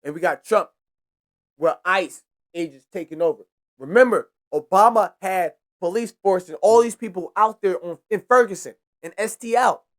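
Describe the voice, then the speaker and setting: A man's voice: high-pitched, normal speed. A young man hosting a podcast, ranting in a heated, profane way and repeating himself for emphasis. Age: young adult. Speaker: podcast host. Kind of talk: casual ranting monologue.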